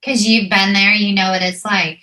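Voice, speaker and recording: Bright-voiced woman interviewer, agreeable. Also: mid-range voice, flat delivery, normal speed. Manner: agreeable, frequent backchannel replies. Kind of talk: casual conversational interview.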